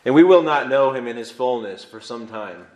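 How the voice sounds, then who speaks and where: A man's voice: medium pitch, animated, moderate pace, a little mellow. Emphatic preacher man in an echoey room. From Illinois. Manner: conversational, emphatic, builds to fervent stress. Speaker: pastor. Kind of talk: sermon.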